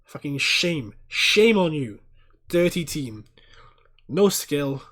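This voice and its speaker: A man doing sweary watchalong host, loose chat that flares into shouting at the ref. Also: on the high side, slow. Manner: excitable, swears a lot, erupts in loud outbursts at fouls; chats to viewers by name, reads chat aloud. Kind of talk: casual live match commentary.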